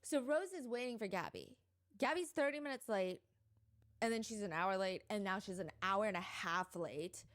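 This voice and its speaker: A young woman with a mid-range voice and lively intonation retells a true crime case at normal speed. Her delivery is chatty and heavy with fillers, and she sometimes quotes the people involved.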